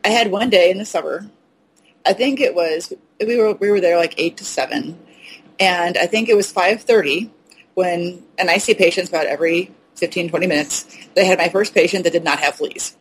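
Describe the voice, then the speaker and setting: A woman veterinarian co-hosting a podcast, telling animated stories in casual chat and laughing often. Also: fairly low pitch, moderate pace, a little hiss or hum, poor audio. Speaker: veterinarian co-host.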